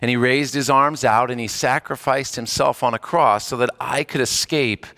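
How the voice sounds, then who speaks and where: Bright, forceful man preaching a story. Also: medium pitch, normal speed. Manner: animated, earnest, repeats words for emphasis. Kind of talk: sermon with storytelling.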